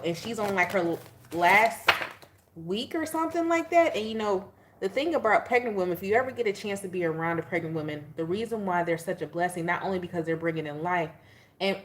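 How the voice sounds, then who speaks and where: A young woman giving a casual tarot reading, chatty and animated, laughing and talking straight to her viewers. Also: fairly low pitch, a little hiss or hum. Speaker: tarot reader.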